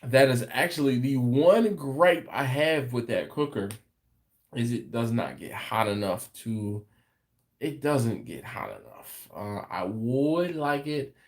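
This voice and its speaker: A man with an American accent chats on a live barbecue stream and reads out viewer questions. He talks slowly and loosely, stopping often to restart his sentences. His voice sits at an ordinary middle pitch. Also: lively intonation. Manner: slow, laid-back storytelling with frequent fillers and restarts. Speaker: host of a barbecue livestream. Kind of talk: casual livestream chat reading viewer comments.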